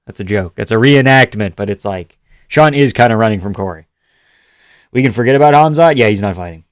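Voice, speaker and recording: Male streamer, mid pitch, profane and rambling, dry close mic. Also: expressive, a little fast, dry recording. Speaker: live streamer. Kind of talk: casual chat reacting to chat.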